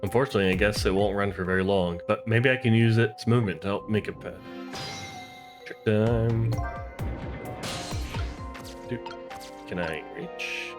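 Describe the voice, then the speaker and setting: A man's voice: fairly low pitch, fast, music in the background. A man streaming a video game, muttering casual asides and fillers while he plays.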